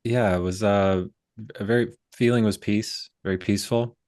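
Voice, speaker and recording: A man on a video-call panel calmly describing what he felt, searching for words. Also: lowish voice, moderate pace, no echo, clean studio sound. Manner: calm, searching, with fillers. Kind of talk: reflective panel talk.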